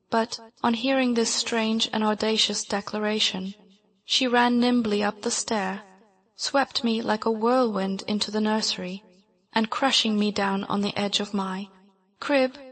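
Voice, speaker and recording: A woman narrating a classic novel in the first person, reading in a measured, even way. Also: mid-range voice. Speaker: audiobook narrator. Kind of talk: scripted narration.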